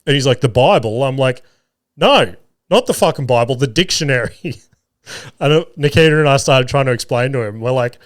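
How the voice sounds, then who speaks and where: Brisk and animated, a thirty-something man speaks in a medium-pitched voice on his solo podcast, with clean studio sound and no echo. He spins rambling family tales, laughing a lot and swearing freely.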